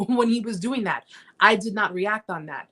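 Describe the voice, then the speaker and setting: A woman's voice: medium pitch, normal speed, fairly bright tone. A middle-aged woman hosting a live chat, telling her own story in an emphatic, repetitive way and often speaking straight to her viewers. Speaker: host of a survivor support live chat. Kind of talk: emotional live-stream storytelling.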